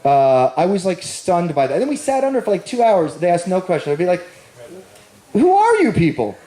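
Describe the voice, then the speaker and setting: A man's voice: high voice, expressive, quick pace, mellow. A man doing a stand-up comedy set, telling a rambling self-deprecating story and bantering with the audience. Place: large echoey venue with live audience. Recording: roomy live stage recording.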